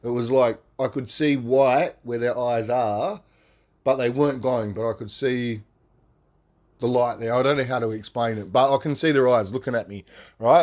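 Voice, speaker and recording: In a mid-range voice at a moderate pace, a man on a podcast tells a lively, casual story, swearing without restraint and tagging lines with "man" and "right?".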